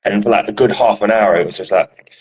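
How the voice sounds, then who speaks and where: A man with a husky, somewhat low voice hosts a relaxed podcast conversation. He tells stories in a chatty way and swears casually. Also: quick pace, low-quality recording. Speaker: podcast host. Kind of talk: casual chat.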